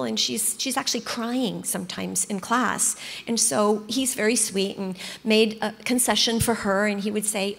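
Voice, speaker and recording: A woman in her fifties giving an earnest, encouraging Bible study talk, telling stories to a live audience in a church hall. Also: on the high side. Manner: warm storytelling, earnest and encouraging. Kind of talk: sermon-style teaching talk. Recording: long hall reverb.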